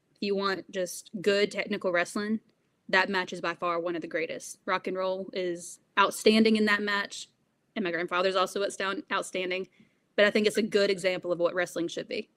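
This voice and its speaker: A woman's voice: mid-range voice, fairly even intonation, a little fast, a bit bright. Earnest young woman being interviewed. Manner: earnest, with frequent laughs and fillers. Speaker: guest. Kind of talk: interview conversation.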